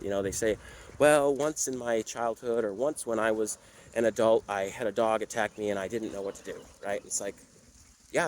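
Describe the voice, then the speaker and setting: A man's voice: on the low side, slight background noise, poor audio. Chatty man explaining dog behavior. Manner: conversational, many fillers and tag questions. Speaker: dog trainer. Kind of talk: casual talking-head explainer.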